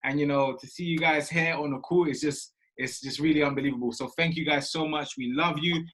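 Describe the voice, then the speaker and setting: A man's voice: fairly high pitch, steady tone, fairly quick. A man with a London accent hosting a live stream, gushing with thanks and praise. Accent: London English. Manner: warm thanks, effusive, gushing. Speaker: host.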